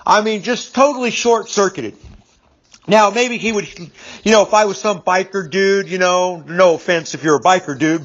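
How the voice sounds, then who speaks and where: A man in his fifties talks through a personal story in a loose, rambling way, often stumbling over his words, repeating them and filling pauses. His voice sits fairly high for a man. The recording sounds dull and lo-fi. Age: 50s. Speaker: business speaker. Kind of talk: casual storytelling monologue.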